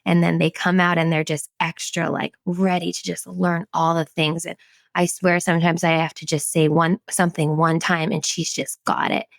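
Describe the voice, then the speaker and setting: A woman hosting a podcast, chatting with enthusiasm and telling stories in an animated way. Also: lowish voice, moderate pace, creaky, dry recording. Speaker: podcast host. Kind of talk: casual interview chat.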